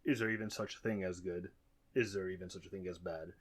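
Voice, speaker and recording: A man's voice: low-pitched, steady tone, quick pace, slightly rough. A man hosting a casual podcast interview, easygoing and laughing often, asking strings of questions. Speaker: podcast host.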